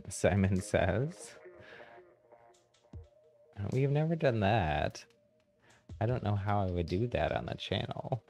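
A very low-pitched man talks casually to his viewers while playing, his voice rising and falling with lively swings. He sounds slightly hoarse, hesitant, and quick to laugh. Faint game music plays underneath. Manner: relaxed, hesitant, laughs often. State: a little hoarse. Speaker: streamer. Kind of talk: casual live-stream chat.

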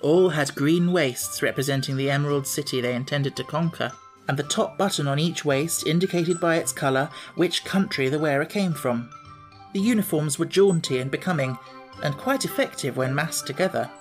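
A man narrating a classic children's story in a measured, even storytelling manner. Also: fairly high pitch, soft background music. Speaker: audiobook narrator.

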